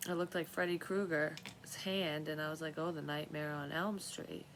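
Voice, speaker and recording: Woman, low voice, casual rambling monologue, swears freely, slight hiss. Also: steady tone, moderate pace, rough recording. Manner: rambling, profane, trailing off and restarting. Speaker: vlogger sharing dream readings.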